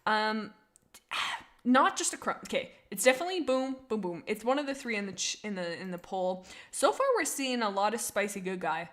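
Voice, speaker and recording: A young woman in casual livestream chat, thinking out loud and answering her chat. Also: mid-range voice, expressive, fairly quick, hardly any pauses. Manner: chatty, reads chat messages aloud, thinks out loud. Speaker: streamer.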